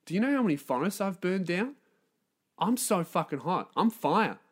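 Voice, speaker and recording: A man voicing a talking fire, male, vain and offended, in a haughty, quiet voice. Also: sits high, big pitch swings, moderate pace, husky, heavily acted.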